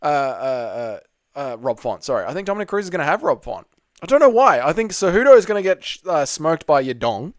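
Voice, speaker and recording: Young male livestream host, blunt and crude banter, smooth fairly high voice, dry close mic. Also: very animated, fairly quick, dry recording. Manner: blunt, crude banter, reads chat aloud. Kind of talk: casual livestream chat.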